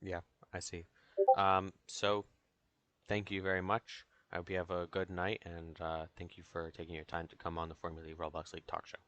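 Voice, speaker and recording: Low voiced young guy hosting a casual talk show, loose and jokey, lots of ums. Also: monotone, brisk, fairly bright tone, no room sound. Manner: loose, filler-heavy and joking.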